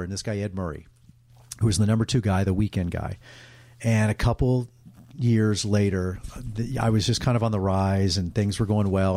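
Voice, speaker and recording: Low-voiced man telling candid stories. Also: dark tone. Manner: emotional, candid, rambling with restarts. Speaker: guest, sportscaster. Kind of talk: casual interview storytelling.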